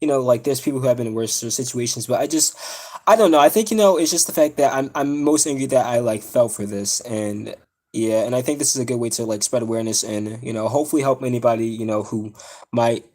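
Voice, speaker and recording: A young man with a mid-range, darkish voice talks fast on a live stream, telling a personal story while upset and near tears. He rambles, full of fillers and restarts.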